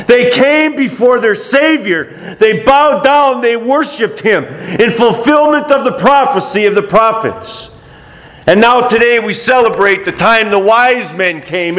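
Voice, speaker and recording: High-voiced preacher man, echoey church. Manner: animated, rising to shouts of praise; chuckles between lines. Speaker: pastor. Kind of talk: sermon. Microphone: microphone, moving on and off it.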